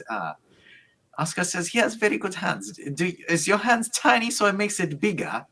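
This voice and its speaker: A man's voice: high-pitched, big pitch swings, moderate pace, bright, forceful tone, a little hiss or hum. A young man co-hosting a casual livestream, joking and reading viewer comments aloud. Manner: jokey, reads chat aloud, laughs a lot. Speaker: podcast co-host reading chat.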